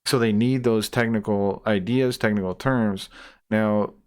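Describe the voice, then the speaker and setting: A man's voice: on the low side, steady tone, a little slow. A man ranting in a heated, profane reaction commentary, repeating himself and restarting sentences as he gets worked up. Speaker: streamer reacting to a debate clip.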